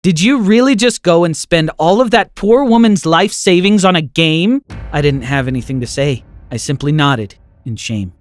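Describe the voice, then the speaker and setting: A male text-to-speech voice reading a first-person story with an even, expressive delivery. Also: fairly high pitch, moderate pace, hardly any pauses, no echo, faint music behind. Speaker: story narrator.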